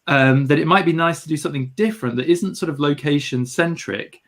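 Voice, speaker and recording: On his photography livestream, a British host with a fairly high, slightly bright voice talks briskly, greeting viewers in a relaxed, gently humorous way.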